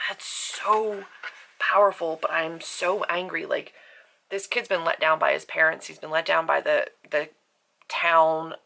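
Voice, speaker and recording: Woman author vlogging her reading, low gravelly voice with a bright edge, emotional and rambling. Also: flat delivery, a little slow, poor audio. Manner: emotional, rambling reactions with many fillers. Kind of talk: casual reading vlog.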